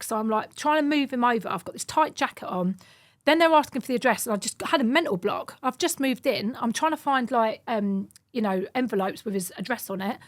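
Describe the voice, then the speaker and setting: A woman, a podcast guest telling a personal story in conversation and acting out the quoted dialogue as she goes. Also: on the high side. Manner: fast, vivid retelling that acts out quoted dialogue.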